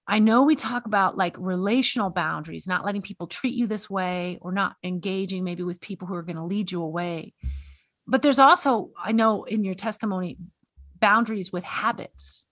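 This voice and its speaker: A woman's voice: medium pitch, a bit bright, no room sound. A woman hosting a faith-based conversation, earnest and exhorting, often repeating words as she speaks. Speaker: podcast host.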